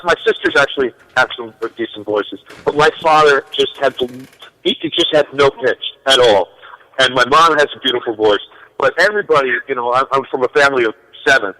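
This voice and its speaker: Musician guest, male, bright tone, chatty and laughing, stumbles over words. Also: mid-range voice, big-room sound, low-quality recording. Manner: jokey, laughing, restarts a lot. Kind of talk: casual radio chat.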